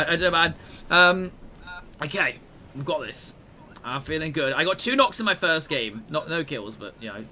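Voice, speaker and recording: A man's voice: fairly high pitch, sharp tone, slight background noise. A man live-streaming a game, chatting with viewers, greeting them and apologizing often. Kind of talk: live gaming stream chat.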